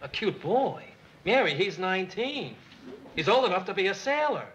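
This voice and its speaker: An actor playing a grumbling, protective middle-aged coworker in a sitcom. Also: male voice, high-pitched, big pitch swings, moderate pace, dull audio. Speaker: newsroom coworker. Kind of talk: sitcom acting. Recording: noisy old TV soundtrack.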